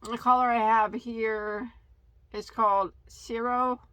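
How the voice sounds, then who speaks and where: Bright-voiced chatty woman vlogger. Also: mid-range voice, normal speed, no echo. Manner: chatty, stumbles over yarn names. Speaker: crochet channel host. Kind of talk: casual yarn haul chat.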